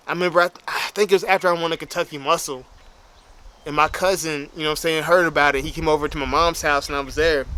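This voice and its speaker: A man's voice: on the high side, sharp tone, clear, resonant tone. A man, a bodybuilder, telling a story in a casual, slang-heavy way that is full of "you know what I'm saying.". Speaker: bodybuilder and motivational speaker.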